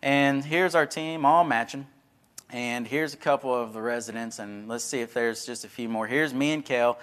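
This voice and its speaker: A man's voice: mid-range voice, moderate pace, a bit bright, clean tone. A man, a preacher telling stories in a folksy, conversational sermon. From Texas. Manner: folksy, conversational, acts out quoted voices. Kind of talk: sermon with storytelling.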